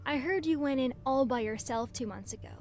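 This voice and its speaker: A woman's voice: high-pitched, fairly quick, a little mellow, close to an everyday voice. A woman voicing a friendly young female tech specialist in a game, speaking in an easygoing, chatty way. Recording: game audio with music behind.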